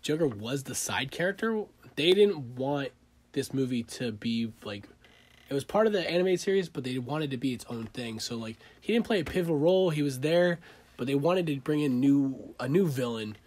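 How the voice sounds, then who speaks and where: A man co-hosting a film podcast, sharing behind-the-scenes trivia in quick bursts. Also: mid-range voice, lively intonation, darkish tone. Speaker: podcast co-host. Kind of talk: casual film discussion.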